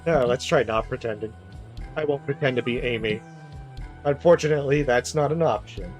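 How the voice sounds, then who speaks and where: Brief: a man playing a sorrowful girl's ghost with a quiet, wistful delivery, with game music behind. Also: mid-range voice, normal speed, close to an everyday voice, low-quality recording. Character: sorrowful ghost of a young girl.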